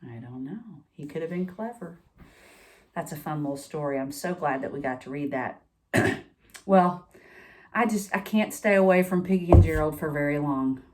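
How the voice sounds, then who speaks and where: A woman's voice: sits low, moderate pace, a little mellow, slight background noise. A woman reading a picture book aloud to children, with chatty asides to her young listeners. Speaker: storytime reader.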